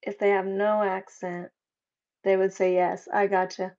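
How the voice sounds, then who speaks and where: A woman's voice: mid-range voice, little pitch movement, darkish tone. A playful woman chats with her viewers on a live stream, taking her time between words and laughing easily. Her voice sits in an ordinary middle range. The stream audio is a little dull and lo-fi. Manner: playful, joking, quick to laugh. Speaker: livestream host. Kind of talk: casual live chat reading viewer comments.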